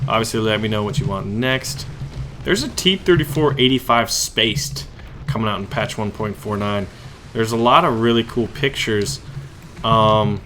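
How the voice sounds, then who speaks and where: A man hosts his gaming channel with live commentary over his own match, joking and getting excited as the action turns. His voice is bright and forceful, and he talks to himself and to his enemies as he plays. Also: on the low side, normal speed, slight background noise.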